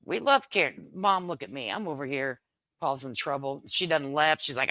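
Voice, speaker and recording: A woman's voice: a bass voice, animated, moderate pace, bright, forceful tone, no echo. A middle-aged woman hosting a casual livestream, reading viewer comments in a brash, joking way, swearing lightly and laughing often. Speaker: livestream host.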